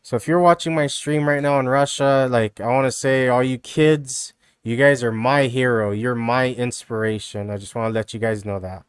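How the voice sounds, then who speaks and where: Male streamer, smooth dry voice, rambling and sarcastic, repeats himself constantly. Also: medium pitch, steady tone, normal speed, few pauses, dry recording. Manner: rambling, repetitive, mocking, peppered with "dude" and "you know". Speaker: live streamer reacting to videos. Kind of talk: casual rambling stream commentary.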